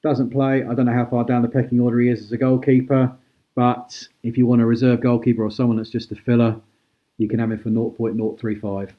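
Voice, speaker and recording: Brisk man calling out an auction. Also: medium pitch, flat delivery, dull audio. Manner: brisk, chatty auctioneer calling prices and thanking bidders. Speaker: host auctioning cards. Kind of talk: live-stream auction patter.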